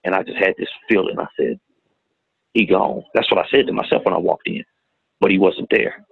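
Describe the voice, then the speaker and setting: A middle-aged man telling a painful personal story in a plain-spoken, halting way, recorded with tinny phone-like sound. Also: low voice, gravelly. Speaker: guest telling his story. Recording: tinny phone-like audio, dry.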